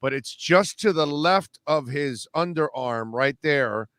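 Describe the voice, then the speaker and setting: A man's voice: a little high, lively intonation, slow pace, fairly bright tone, no echo, studio quality. A man hosting a sports radio show, talking in a hyped, slangy way. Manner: hyped, slangy, calls people baby and dude. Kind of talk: casual sports radio chat.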